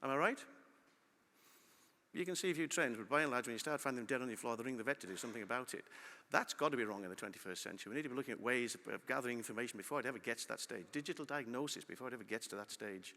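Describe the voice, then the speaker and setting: A middle-aged man giving a lively conference talk and asking the audience questions. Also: medium pitch, very fast. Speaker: conference speaker. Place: large conference hall. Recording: long hall reverb.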